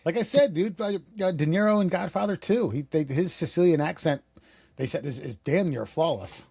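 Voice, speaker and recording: A man's voice: a little high, expressive, normal speed, gravelly, a little mellow, breathy edge, dry recording. A man co-hosting a podcast in casual chat, laid-back and swearing casually. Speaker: podcast co-host.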